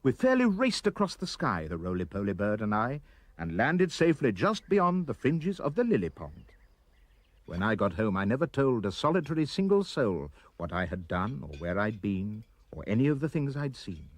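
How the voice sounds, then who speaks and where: Guy reading a rhyming kids' poem, sing-song and expressive, slightly husky. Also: on the low side, moderate pace, dry recording. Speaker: reader.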